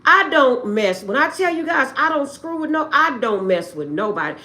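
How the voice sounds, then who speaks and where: A woman ranting on a livestream, close to tears and swinging between outbursts and quiet prayers. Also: high-pitched, sing-song, normal speed. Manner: agitated, swings between shouting and tearful prayer. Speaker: livestream host. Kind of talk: emotional livestream rant.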